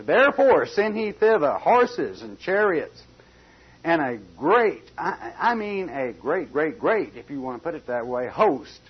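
A man preaching a folksy expository sermon, swinging between loud emphasis and quiet asides. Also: on the high side, slightly rough. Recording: dull lo-fi recording.

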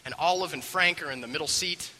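A man's voice: fairly high pitch, fast talker, in a large hall, low-quality recording. A man animatedly retelling a film scene, acting out the characters as he goes. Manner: expressive, acts out the characters' voices. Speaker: storyteller.

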